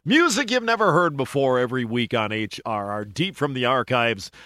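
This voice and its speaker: A man's voice: mid-range voice, expressive, moderate pace, pushed and bright, dry recording. A man hosting a car-culture radio show, introducing songs in a chatty, folksy way with casual asides.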